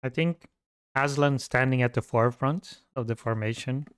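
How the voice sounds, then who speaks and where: A man describing his character's moves at a tabletop game, speaking softly as he thinks aloud. His voice is smooth and clear and is recorded close in a dry room. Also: mid-range voice, normal speed, no echo. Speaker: player.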